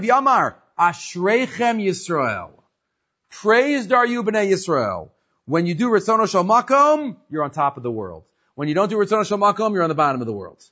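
A man teaching a Torah class, animated and full of rhetorical questions to his students. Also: high-pitched, dull audio.

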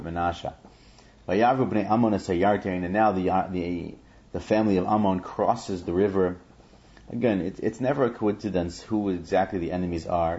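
Male Bible teacher with a low, mellow voice; reads each verse aloud, then explains it. Dull lo-fi recording. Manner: chants Hebrew verses then explains them in English.

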